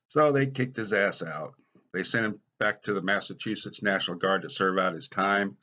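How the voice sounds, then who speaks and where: A middle-aged American man telling wry personal stories in a dry, deadpan stand-up style. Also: low-pitched, moderate pace. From United States. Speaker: storyteller.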